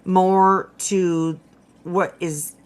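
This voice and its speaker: A woman hosting a livestream, chatting casually with viewers and agreeing warmly with her guest. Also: fairly low pitch, flat delivery, drawn-out words, clean tone, rough recording. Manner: chatty, agreeable, calls people sweetheart. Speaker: livestream host.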